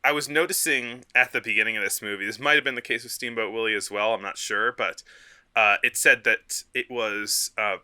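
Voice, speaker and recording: A man's voice: lowish voice, steady tone, a little fast, sharp tone, clear, resonant tone. A man co-hosting a film history podcast, talking casually with many fillers and frequent laughs. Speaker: podcast co-host.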